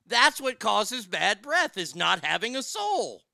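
A man hosting a talk show, brash and wisecracking in quick banter. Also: sits high, sing-song, creaky, a loud crowd.

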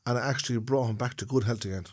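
An Irish-accented man in his fifties talks in a warm, earnest, chatty way on a casual podcast. He speaks sincerely and holds his side of the banter as co-host. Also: medium pitch, racing, breathy edge. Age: 50s.

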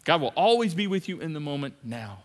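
High bright-voiced preacher in a big hall. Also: male voice, sing-song, fairly quick. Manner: swings from loud emphatic repetition to hushed asides. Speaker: pastor. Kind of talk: sermon. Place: large church hall. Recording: long reverb of a big hall.

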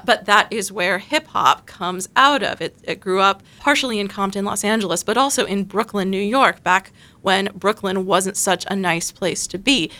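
A woman giving a measured, analytical explanation as a guest on a podcast panel discussion. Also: medium pitch, sharp tone.

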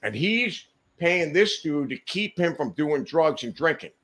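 A man's voice: a little high, very animated, a little slow, fairly bright tone. A man telling a long, rambling anecdote as a guest in a podcast studio, swearing freely and breaking into laughter as he goes. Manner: swears often, rambling, laughs mid-story. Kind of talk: profane anecdotal storytelling.

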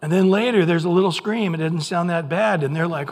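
An older man with an American accent, a pastor preaching a sermon in an animated way, acting out voices now and then. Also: high-pitched, brisk. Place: church sanctuary. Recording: long hall reverb.

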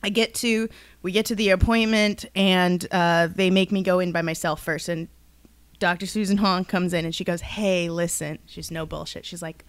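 Animated woman telling a story with laughs. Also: lowish voice, moderate pace, smooth, no echo. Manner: animated, laughing, swearing, acts out quotes. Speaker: podcast guest. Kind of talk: casual storytelling chat.

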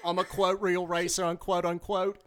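A man's voice: high-pitched, completely flat delivery, normal speed, background noise, voice pushed up, natural voice. Man putting on a rowdy New Zealand racer bro. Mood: smug. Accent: put-on New Zealand. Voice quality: loud, jokey mock voice. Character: rowdy young male racer bro, smug party type.

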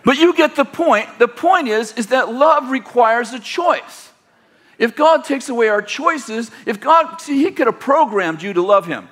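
High-voiced male preacher, rambling. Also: animated, measured pace, a bit bright. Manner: rambling, self-correcting, leads the congregation in call-and-response. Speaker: pastor. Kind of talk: sermon.

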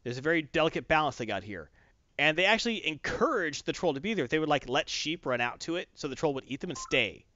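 A man's voice: a little high, big pitch swings, fast, sharp tone, dry recording. A man hosting a casual comic review chat, retelling a story animatedly and acting out the voices, in a dull lo-fi recording. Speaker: podcast co-host reviewing comics.

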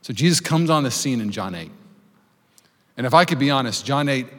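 A man in his thirties preaching a sermon to a congregation, telling stories with acted-out voices and building to loud preaching. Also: mid-range voice, expressive, brisk. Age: 30s. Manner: storytelling, acts out voices, rising to loud preaching. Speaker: pastor. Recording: long hall reverb.

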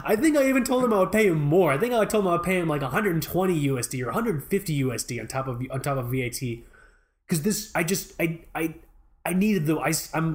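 A man's voice: on the high side, animated, fast talker. A man co-hosting a podcast, telling a rambling, profane story in mock fury in casual chat. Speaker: podcast co-host.

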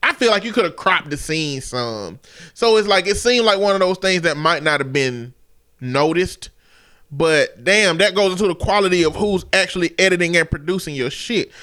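A man co-host picks apart a film with blunt, profane criticism and laughing asides. His voice sits high for a man and has a bright, sharp edge. The talk is loose and conversational. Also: expressive, moderate pace. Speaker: podcast co-host. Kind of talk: casual movie review chat.

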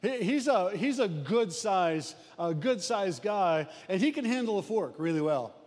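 An older man with a high voice preaches to his church, folksy and storytelling, stumbling over repeated words. His voice rings out with a long reverb, as in a big hall. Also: sing-song, unhurried, a little mellow. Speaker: pastor. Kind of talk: sermon.

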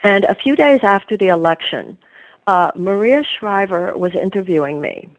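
A woman's voice: mid-range voice, expressive, moderate pace, lo-fi sound. Earnest reflective woman guest. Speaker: author and interview guest. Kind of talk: conversational interview.

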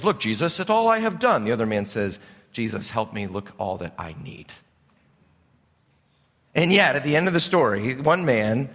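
Middle-aged male pastor, conversational sermon, swooping intonation, reverberant church hall. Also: medium pitch. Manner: animated, conversational preaching with rhetorical questions. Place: church sanctuary.

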